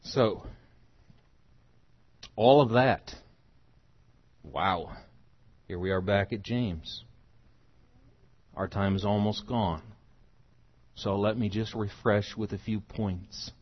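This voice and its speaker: Man preaching, husky and lo-fi. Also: on the low side, takes it slowly, long pauses. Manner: builds from quiet teaching to loud emphatic preaching. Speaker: pastor. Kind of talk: expository sermon.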